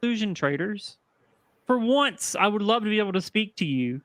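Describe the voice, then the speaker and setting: A woman's voice: mid-range voice, animated, fast talker, a bit bright, dry recording. Aggrieved woman pleading in an argument on a dry, close mic. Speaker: streamer in a dispute. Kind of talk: heated livestream argument.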